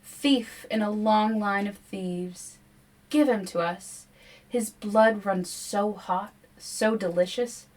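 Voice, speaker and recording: Casting: eerie hungry forest spirits in a storybook reading, slow and coaxing, voiced by a woman. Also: mid-range voice, darkish tone, close to an everyday voice. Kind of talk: reading a novel aloud.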